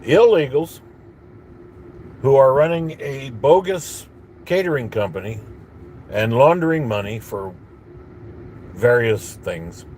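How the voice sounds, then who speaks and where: A man's voice: mid-range voice, animated, slow, long pauses, a little mellow, a little hiss or hum. A man ranting bitterly in a casual monologue, rambling with restarts and coughing at times. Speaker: vlogger.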